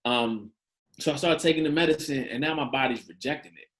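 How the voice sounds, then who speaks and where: A man in his thirties speaks as a podcast guest, telling a personal story in loose, slangy talk. He acts out the quoted dialogue with lively shifts. His voice sits at a middling pitch for a man. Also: a little fast. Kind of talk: candid storytelling in an interview.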